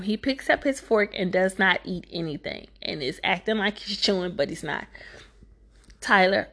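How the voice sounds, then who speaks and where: A woman's voice: lowish voice, fairly bright tone. A woman giving a casual movie recap, sassy and exasperated, talking back to the filmmaker.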